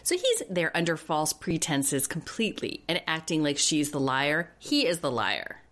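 A woman's voice: sits low, big pitch swings, normal speed, a bit bright. A woman co-hosting a casual podcast recap, talking bluntly and indignantly and swearing freely. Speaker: podcast co-host. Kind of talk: casual reality-TV recap chat.

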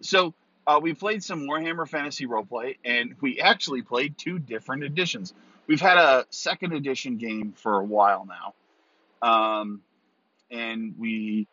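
A man at a middle pitch hosting his own podcast in a loose, rambling manner, full of ums and restarts. The recording is a little muffled and very dry. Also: fairly bright tone, no room sound. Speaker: podcast host. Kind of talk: casual solo podcast talk.

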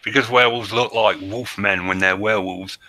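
A man's voice: fairly low pitch, steady tone, a little fast, sharp tone, poor audio. A man co-hosting a podcast, reading the story aloud and needling his co-host with wry patience. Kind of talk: casual banter.

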